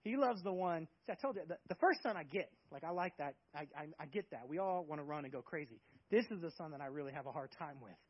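A man preaches a sermon in an emphatic, conversational way, throwing out rhetorical questions. His voice sits high and sounds husky. The recording is dull and lo-fi. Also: lively intonation, fast, few pauses. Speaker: pastor.

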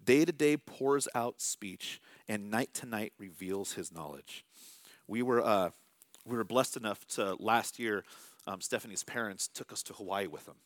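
A man's voice: on the low side, unhurried, no echo. A man in his thirties preaching a sermon as pastor, in a conversational, self-amused way with small acted asides.

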